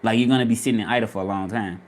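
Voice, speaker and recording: On a casual livestream, a man from Memphis, Tennessee talks at a racing pace, his fairly low voice staying steady. He has a Southern accent, is a vlogger and freelance Spanish interpreter, and repeats his questions to his viewers.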